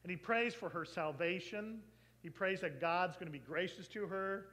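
A man preaching, telling a long story and acting out the people in it with lively changes of voice. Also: high-pitched, moderate pace, rough recording. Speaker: pastor. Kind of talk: sermon storytelling.

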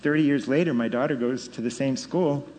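A man in his fifties giving a personal faith testimony, telling it with animated storytelling and rising emphasis. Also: medium pitch, brisk. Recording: long hall reverb.

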